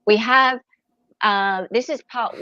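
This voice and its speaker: An Australian woman co-hosting a casual live stream, chatty and laughing often, with halting restarts. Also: a little high, sharp tone, no echo, highs cut off. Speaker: co-host.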